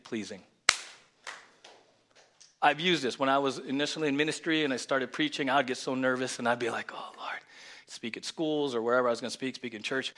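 In a church, a male pastor with a mid-range voice delivers a lively sermon, jumping between loud exclamations and hushed near-whispers while calling on the congregation to respond.

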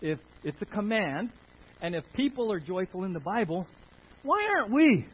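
A man's voice: high voice, expressive, normal speed, slightly rough, lo-fi sound. A man preaching a sermon, leading the congregation with call-and-response questions. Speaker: pastor.

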